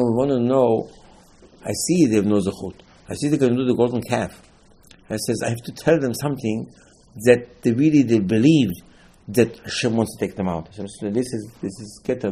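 A man teaches a Torah class as a sermon. His husky, mid-pitched voice carries the lesson as he tells stories and acts out exchanges with rising emphasis. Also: a little mellow. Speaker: rabbi.

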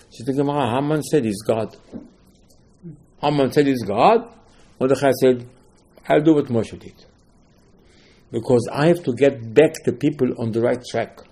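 A man teaching a Torah class, telling the stories with lively acted-out dialogue and sudden swings between loud outbursts and quiet asides. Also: mid-range voice, husky.

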